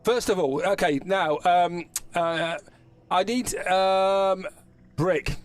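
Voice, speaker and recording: A man's voice: sits high, slow pace. A man narrating as game master in a tabletop game, rambling and correcting himself as he goes. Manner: rambling, self-correcting narration with frequent restarts.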